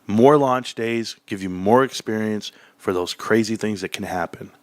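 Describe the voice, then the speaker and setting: A man hosting casual commentary, talking energetically and acting out sales pitches in quoted voices. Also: moderate pace, no echo. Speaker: stock commentary host.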